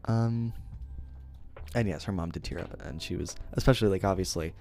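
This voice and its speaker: A man's voice: deep voice, normal speed, gravelly, darkish tone, faint music behind. A young man streamer casually telling a story to his chat, rambling and interrupting himself, laughing at his own remarks. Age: young adult.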